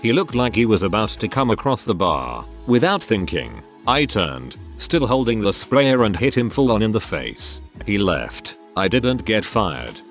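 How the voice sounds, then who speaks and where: Brief: male narrator, low register, very expressive delivery, faint music bed underneath. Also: measured pace. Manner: animated storytelling of reader anecdotes. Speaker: story narrator. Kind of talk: scripted narration.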